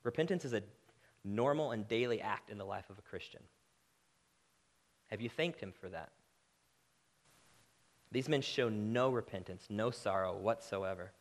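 Preaching a sermon, a man with a lowish voice speaks impassioned and direct at a moderate pace. He builds to loud, emphatic peaks, then drops to quiet, earnest lines, leaving long pauses.

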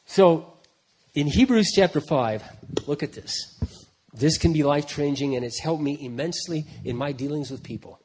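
A man in his fifties delivers a sermon with a raspy, high-set voice. His pitch leaps around constantly as he moves between casual asides and forceful, emphatic preaching. He often restarts his sentences mid-thought. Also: expressive, moderate pace. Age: 50s. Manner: swings from quiet asides to loud emphatic preaching; conversational, with repeated restarts. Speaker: pastor.

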